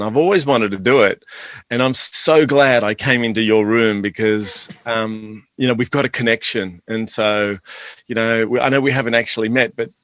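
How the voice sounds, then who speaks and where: A man's voice: on the low side, a bit bright, no echo. Boisterous Australian man, matey. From Sydney, Australia. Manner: boisterous and matey, laughs often. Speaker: podcast guest. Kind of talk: casual interview chat.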